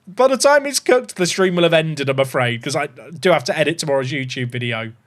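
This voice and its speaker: A man's voice: a little high, expressive, a little fast. A man, chatting to his viewers while streaming a game, swinging between casual chat and mock panic. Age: 30s. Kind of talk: live-stream gaming chat.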